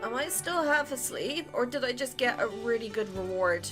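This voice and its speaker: A woman's voice: fairly high pitch, lively intonation, normal speed. A woman gaming creator reading a romance game aloud in a playful, chatty way. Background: game music.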